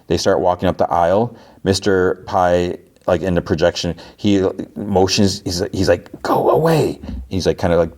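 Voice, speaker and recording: A man's voice: sits low, darkish tone. A man hosting a podcast, retelling a TV episode in a casual, rambling way with many fillers. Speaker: podcast host.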